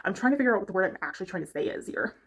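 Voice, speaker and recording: A chatty woman talks casually about books, in a voice of ordinary pitch. She rambles from point to point and stops to hunt for the right word. She speaks from her bedroom. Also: expressive, rapid-fire, slightly rough. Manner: chatty, rambling, gropes for words. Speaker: book reviewer. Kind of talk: casual chat.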